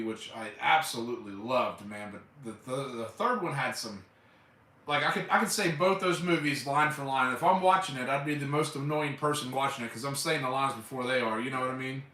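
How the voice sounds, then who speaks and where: A live streamer, an enthusiastic man with a bright, mid-range voice, rambles through casual chat at normal speed, swearing loosely and using fillers like "man". The mic sits at a distance in an echoey room.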